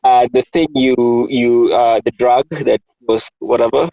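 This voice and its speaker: A man hosting a casual chat, animated and laughing often, restarting his sentences. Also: mid-range voice, measured pace, vocal fry, no room sound, poor audio. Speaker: host.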